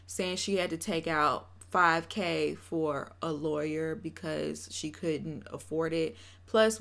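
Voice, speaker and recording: A young woman recapping a reality show in casual talk, blunt and judgmental, speaking straight to her viewers. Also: mid-range voice. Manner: animated, acts out quotes in put-on voices.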